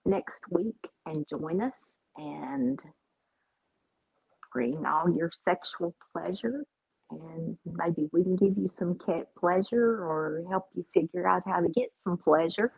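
A woman's voice: on the low side, takes it slowly, creaky, husky, no room sound, phone-quality sound. A woman co-hosting a casual podcast in a laid-back way. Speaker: podcast co-host.

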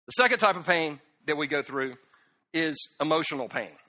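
A man preaching a humorous sermon, telling emotional stories, dropping soft and then bursting out laughing and loud. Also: a little high, normal speed. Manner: animated storytelling, swings from hushed to loud laughing outbursts. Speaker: pastor. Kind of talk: sermon with self-deprecating humor.

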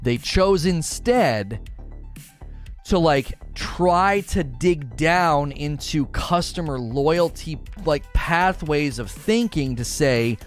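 Animated, exasperated male gaming host. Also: fairly high pitch, slow, faint music behind. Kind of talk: opinionated gaming commentary.

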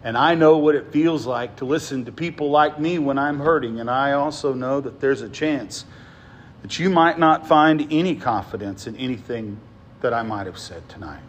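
A man preaching a sermon as pastor, swinging from emphatic lines to soft, hushed ones and often asking his listeners "right?". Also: medium pitch, normal speed, slight background noise.

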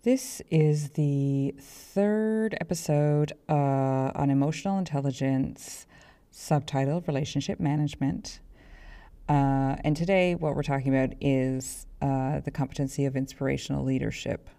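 Woman, podcast host, low voice, gravelly, chatty, self-deprecating. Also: unhurried, dark tone. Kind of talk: professional development podcast talk.

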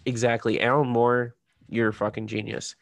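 A man's voice: mid-range voice, level tone, moderate pace, creaky, no echo. A man co-hosting a casual podcast, rambling and full of fillers as he explains. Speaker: podcast co-host. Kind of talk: casual chat.

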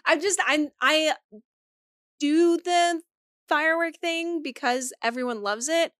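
A woman co-hosting a podcast, chatting casually, loud and swearing freely as she tells stories. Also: sits high, takes it slowly, long pauses, no room sound, clean studio sound. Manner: loud, swears a lot, animated storytelling. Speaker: podcast co-host. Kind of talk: casual chat.

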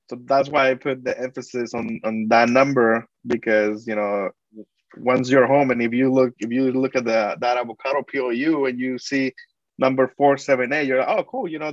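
A man's voice: medium pitch, dry recording. A man who is a guest on an industry podcast, agreeable and repeating words as he starts his points. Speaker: podcast guest, business development director. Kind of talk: casual interview conversation. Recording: dull lo-fi dry sound.

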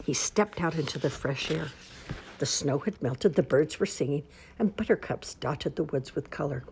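A woman reads a children's storybook aloud in a low voice. Her pitch rises and falls with lively expression. The telling is slow and careful. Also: slight background noise. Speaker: storybook reader.

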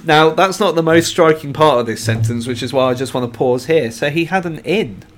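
A man's voice: a little high, fairly quick. A man co-hosting a podcast, chatting casually about a novel and reading out passages with enthusiasm. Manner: enthusiastic, chuckling, reads quotes aloud. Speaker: podcast co-host discussing a novel. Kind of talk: casual book-club chat.

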